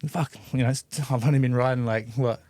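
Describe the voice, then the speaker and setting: An Australian man in his forties spins a long anecdote as a podcast guest, loose and easygoing. His voice is neither high nor low, and it is heavy on fillers and the odd swear word. The recording is dry and close, with no room sound. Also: steady tone, quick pace, warm tone, no echo. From Adelaide, Australia. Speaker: podcast guest, BMX rider. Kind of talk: casual storytelling.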